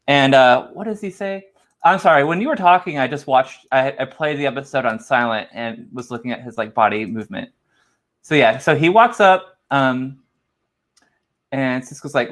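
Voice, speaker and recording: A man's voice: fairly high pitch, lively intonation, measured pace, fairly bright tone. Easygoing man recapping scenes. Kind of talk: casual discussion, recapping scenes.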